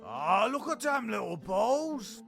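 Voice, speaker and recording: A man's voice: high voice, sing-song, takes it slowly, vocal fry, a bit bright, faint music behind, heavily acted. A man voicing a brash, jaunty mercenary archer captain. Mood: swaggering.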